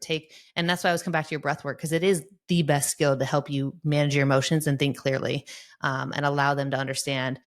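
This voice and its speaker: A woman in her thirties, a sport psychologist guest in a casual interview, talking in an animated way and acting out how she speaks to her kids. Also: rumbling low, fast. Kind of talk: conversational podcast interview.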